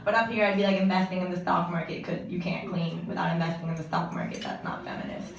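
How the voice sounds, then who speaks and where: Young female stand-up, deadpan delivery, mic'd at a distance in a reverberant room with audible room noise. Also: on the low side, fast, vocal fry. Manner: deadpan jokes with frequent laughs. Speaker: stand-up comedian. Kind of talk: stand-up set. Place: comedy stage with live audience. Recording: echoey live room from far off.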